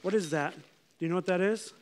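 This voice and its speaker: A man's voice: high-pitched, quick pace, slight background noise. A man preaching a sermon as pastor, talking conversationally and putting questions to the congregation. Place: church.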